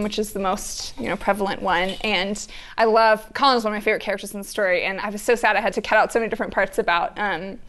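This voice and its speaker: A woman's voice: medium pitch, fairly bright tone. A woman talking about her story in a live onstage conversation, chatty and laughing, searching for words. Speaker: guest author.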